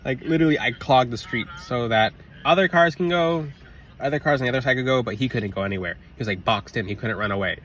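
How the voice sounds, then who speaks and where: A man telling a personal story in a casual, rambling monologue, interrupting himself and bursting into loud re-enacted shouts. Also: mid-range voice, quick pace. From Florida. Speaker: religious vlogger. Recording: slightly distant mic, faint outdoor traffic noise.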